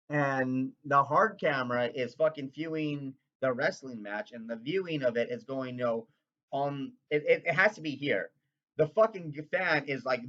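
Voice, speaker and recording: A man from Canada rambling in an excitable, profane, casual rant. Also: medium pitch, lo-fi sound. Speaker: vlogger.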